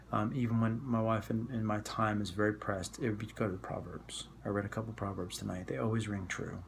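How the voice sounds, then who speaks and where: A man's voice: lowish voice, slight background noise. A man with a New York accent giving an informal devotional message, talking in a conversational, reflective way with asides and rhetorical questions. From New York area. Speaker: Christian speaker.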